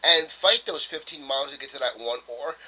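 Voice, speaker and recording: A man's voice: medium pitch, moderate pace, bright, forceful tone, slightly rough, low-quality recording. A man co-hosting a casual podcast, arguing in a heated, profane, mock-lecturing way. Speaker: podcast co-host. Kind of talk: casual argumentative podcast chat.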